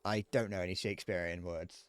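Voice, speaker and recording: A man streaming a game, rambling and joking as he thinks out loud, often restarting his sentences. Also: sits low, fairly even intonation, brisk, clear, resonant tone, no echo. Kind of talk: casual gameplay commentary.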